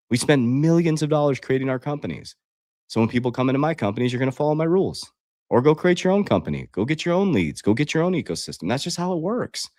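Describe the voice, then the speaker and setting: A man gives a livestream motivational talk as a life coach, calling his viewers "guys" and swearing freely in a blunt, confrontational way. His medium-pitched voice is fast, with lively intonation and a darkish tone. Studio quality, no echo.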